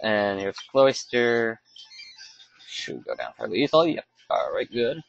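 A man's voice: mid-range voice, wildly swooping pitch, unhurried, gravelly, dull audio. A man giving casual, rambling commentary over his own gameplay, often stopping to correct himself. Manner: rambling, self-correcting, offhand. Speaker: let's play commentator.

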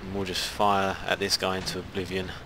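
A man's voice: low voice, completely flat delivery, fairly quick, background noise. A man giving rambling, casual commentary while playing a strategy game. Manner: rambling, muttering asides to himself. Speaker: gaming video host. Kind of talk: casual let's play commentary.

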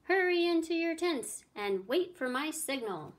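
A woman reading aloud, voicing a bustling, brisk male knight in a storybook. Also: a little high, animated. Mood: urgent. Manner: brisk, eager.

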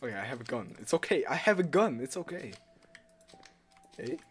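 Soft music plays behind a young YouTuber whose medium-pitched voice is slightly rough and moves at normal speed as he plays a horror game. He swears a great deal, jumps and yelps or screams at the scares, repeats himself, and is loud and excitable.

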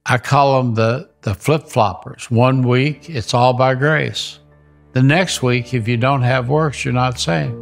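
An older man, a ministry founder, telling stories in an animated interview and repeating phrases for emphasis. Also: medium pitch, slow, gravelly, faint music behind. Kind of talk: storytelling interview.

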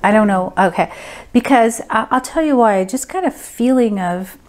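A woman working as a medium, giving a group reading and thinking aloud in a casual, hesitant way with many pauses and fillers. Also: a little high, lively intonation.

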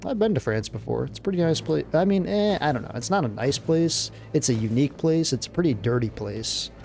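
A man giving casual, excitable let's-play commentary, blurting out exclamations as he plays. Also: fairly high pitch, a little fast, creaky, faint music behind. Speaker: gameplay commentator.

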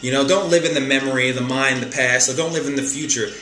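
A man's voice: medium pitch, steady tone, quick pace, sharp tone, roomy sound, soft background music. A man giving a casual spiritual monologue from a chair at home, emphatic and repetitive, with frequent stumbling restarts. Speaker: spiritual talk host. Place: room in a home, seated on a chair.

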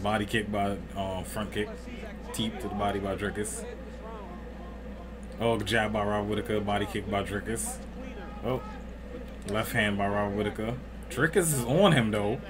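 A man giving excited live commentary on a fight he is watching, breaking into loud outbursts and swearing, alone at home. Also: on the low side, normal speed, long pauses. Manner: loud excited outbursts and profanity, often shouting and laughing. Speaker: fight reaction streamer. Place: home room with a cat.

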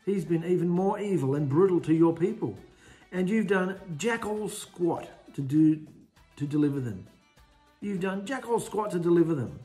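A man's voice: a little high, dark tone, pitched above the performer's own voice, lightly acted. A man voicing an exasperated male prophet who pleads and complains in casual slang.

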